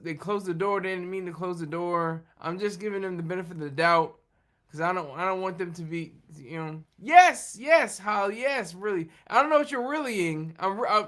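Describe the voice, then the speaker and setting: A man's voice: high-pitched, pushed and bright. A man hosting a casual livestream chat, rambling through restarts and asides as he answers viewers. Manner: rambling, halting, with many restarts and laughs. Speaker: livestream host talking with viewers.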